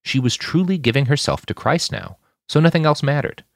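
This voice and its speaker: A man hosting a fiction podcast, reading his own story aloud with expressive scripted narration. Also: medium pitch, a little fast, gravelly, dry recording, studio quality. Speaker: podcast host and fiction author.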